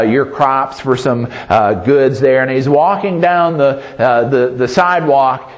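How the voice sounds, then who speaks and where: A man preaching a sermon in a folksy storytelling way, restarting his phrases and calling "Amen?" to the congregation. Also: mid-range voice.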